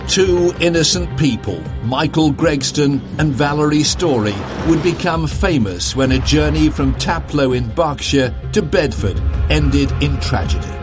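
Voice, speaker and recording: A man reading scripted documentary narration in a steady, matter-of-fact way. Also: on the high side, a little slow, over music.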